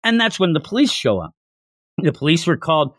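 An animated male podcast host retells a chapter with enthusiasm. His fairly high voice rises and falls a lot. The sound is close and dry, with no room echo. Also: fairly quick. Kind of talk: casual chapter recap.

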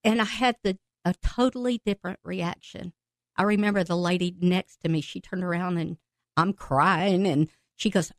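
Appearing as a podcast guest, a woman recounts how she came to faith, her emotion spilling into laughter and sudden excited exclamations. She has a mid-range voice and takes her time, and the recording has no echo.

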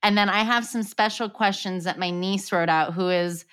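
A woman's voice: mid-range voice, moderate pace, a bit bright, clear, resonant tone. A woman hosting a casual interview, reading out questions steadily and laughing often. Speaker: podcast host.

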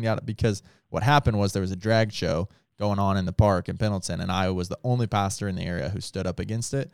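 A man's voice: low voice, fairly even intonation, quick pace, creaky, few pauses, clean tone, no room sound, clean studio sound. A man who is a pastor, talking casually and earnestly with lots of filler words. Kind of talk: casual podcast talk.

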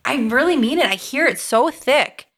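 A woman's voice: high voice, expressive, moderate pace, a bit bright. A woman hosting a casual podcast interview, listening closely and asking curious, engaged questions. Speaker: podcast host.

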